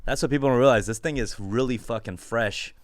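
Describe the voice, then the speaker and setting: A man's voice: mid-range voice, a little fast, dry recording. A man hosting a podcast in a loose, casual chat, laughing often. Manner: laid-back, loose and chatty, laughs often. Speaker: podcast host.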